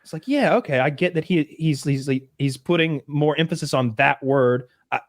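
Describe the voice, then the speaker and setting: A man co-hosting a casual podcast chat, telling stories with animated bursts and acted-out quotes. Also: a little high, moderate pace, dry recording, clean studio sound. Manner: animated storytelling, acts out quotes in loud bursts. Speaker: podcast co-host.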